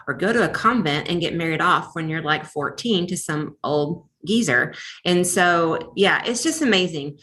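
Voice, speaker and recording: A woman chatting casually about her summer reads on a library podcast. She rambles with fillers and restarts. Her voice sits a bit low but sounds bright and clear. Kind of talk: casual book chat.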